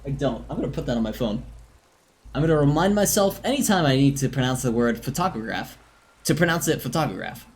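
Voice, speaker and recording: A game streamer chatting casually on a live stream, self-mocking and quick to laugh, between stretches of reading game text aloud. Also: mid-range voice.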